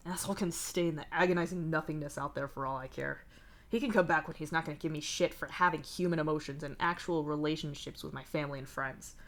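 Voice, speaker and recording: A blunt, foul-mouthed young man with a weary, deadpan edge, read aloud by a woman. He talks about his troubles in a wry, lowish voice. The delivery fits a livestreamed fanfic reading. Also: quick pace. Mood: bitter. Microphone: streaming mic.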